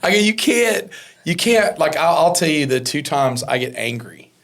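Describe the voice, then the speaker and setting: A man's voice: a little high, big pitch swings, moderate pace, vocal fry, fairly bright tone. A man who owns a business, telling stories in a casual conversational way, acting out quoted dialogue with lots of fillers and restarts. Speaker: business owner guest.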